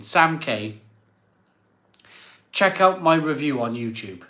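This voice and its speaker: A man's voice: mid-range voice, takes it slowly, pushed and bright. A man hosting a live stream who reads out viewer messages and says his thanks with emotion, repeating words over and over. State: emotional, catching his breath. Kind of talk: casual live stream chat. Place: home room set up as a virtual pub. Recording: echoey room.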